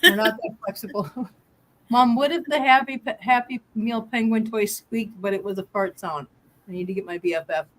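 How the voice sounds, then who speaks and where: A woman's voice: medium pitch, normal speed, a bit bright. A woman hosting a casual live-stream chat from home, laughing often and cooing at her cats. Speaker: host.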